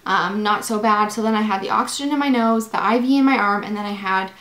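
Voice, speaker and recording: A woman's voice: medium pitch, fast, roomy sound. A young woman vlogger telling a personal story in a chatty, casual way, full of fillers. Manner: chatty, animated, lots of fillers.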